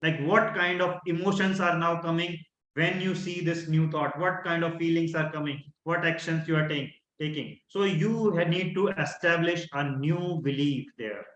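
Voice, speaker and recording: A man's voice: on the high side, fairly even intonation, moderate pace, a bit bright, echoey room, lo-fi sound. A man with an Indian English accent teaching a workshop, giving step-by-step instructions and repeating key phrases. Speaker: workshop coach.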